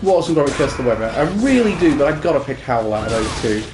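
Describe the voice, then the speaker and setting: A man chatting while playing a game, rambling and pausing mid-thought. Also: mid-range voice, big pitch swings, background noise. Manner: rambling, halting storytelling. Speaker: co-host. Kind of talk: casual gaming chat. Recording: roomy sound with music behind.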